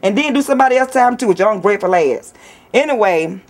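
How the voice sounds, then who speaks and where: A brash Southern woman talks straight to her viewers in a loud, crude, mocking rant. Her voice sits at an ordinary middle pitch, and she sounds sassy and unfiltered the whole way through. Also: expressive, fast. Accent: Southern US, Atlanta area. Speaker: vlogger. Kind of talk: casual ranting vlog. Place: nail salon.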